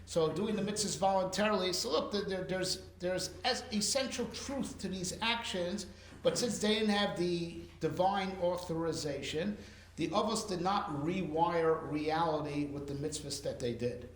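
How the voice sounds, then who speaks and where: Male rabbi lecturer, high voice, animated, roomy echo. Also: moderate pace. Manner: animated, explains with rhetorical questions and fillers. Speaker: rabbi teaching a class. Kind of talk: Torah class lecture.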